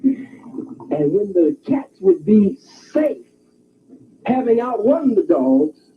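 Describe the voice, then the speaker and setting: High-voiced guy preaching a fired-up lecture, shouty in spots, thin phone-ish sound. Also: drawn-out words. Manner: animated storytelling, occasional shouting. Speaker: speaker. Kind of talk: impassioned lecture. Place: campus hall. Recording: tinny phone-like archive recording.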